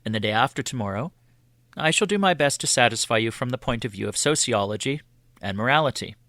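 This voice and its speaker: A man voicing a learned, earnest man who explains his ideas in a measured, formal way. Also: medium pitch, expressive, pushed and bright, dry recording, studio quality.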